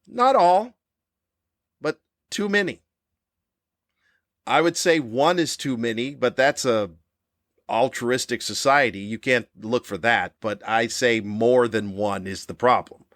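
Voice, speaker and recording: A man in his fifties hosting a podcast, delivering a cranky comedic monologue with animated, ranting jabs. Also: slow, long pauses, no room sound, clean studio sound. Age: 50s. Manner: animated, ranting, with sudden high-pitched jabs. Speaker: podcast host.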